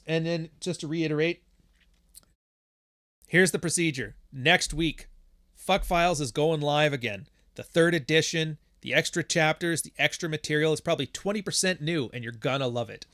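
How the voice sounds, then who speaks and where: A man's voice: fairly high pitch, moderate pace, long pauses, fairly bright tone, dry recording, studio quality. A man hosting a livestream podcast in casual chat, rambling and joking with plenty of swearing. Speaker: podcast host.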